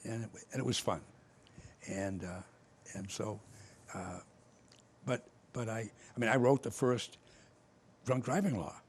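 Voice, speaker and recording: An older man, telling stories in casual conversation and acting out both sides of old arguments with lively energy. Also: lowish voice, measured pace, pauses often, a little hiss or hum. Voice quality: gravelly, husky. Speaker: former state official telling stories.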